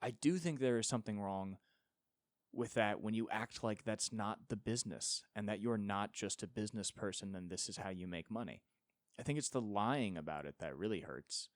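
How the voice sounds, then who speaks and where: A man's voice: on the low side, big pitch swings, moderate pace, no room sound, studio quality. A young man hosting a solo podcast, ranting with sarcasm and profanity and mocking others in put-on voices. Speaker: podcast host.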